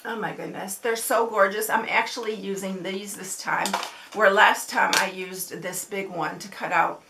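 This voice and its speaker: A woman's voice: medium pitch, creaky, fairly bright tone. A middle-aged woman, demonstrating card making in a chatty, gushing tutorial. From Texas. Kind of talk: casual craft tutorial.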